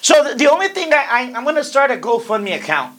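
A man's voice: very high voice, fast, a crowd in the background. A man as a podcast guest, joking and cursing in casual chat. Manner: animated, profane, joking.

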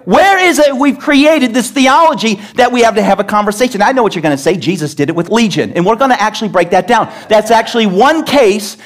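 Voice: mid-range voice, expressive, brisk, hardly any pauses. A pastor preaching a sermon to a congregation, emphatic and pressing them with questions. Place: church service.

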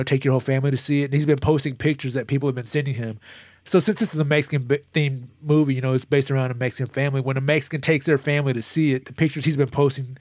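A man chatting casually as a co-host, telling a long, animated story with many restarts and moments of emotion. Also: medium pitch, dry recording. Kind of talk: casual chat.

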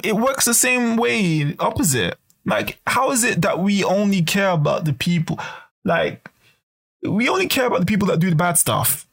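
A man talking in a casual, swearing rant, animated and acting out quoted voices. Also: sits high, creaky, breathy edge. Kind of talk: casual monologue to camera.

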